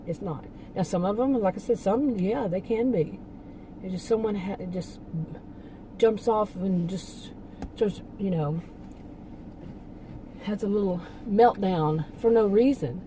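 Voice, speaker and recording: A woman talks loosely and at length, her sentences breaking off and restarting as she laughs between thoughts. Her voice is very dark and mellow. A faint hum sits under the recording. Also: mid-range voice, poor audio. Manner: rambling, with frequent laughs and restarts. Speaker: channel host. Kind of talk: casual opinion monologue.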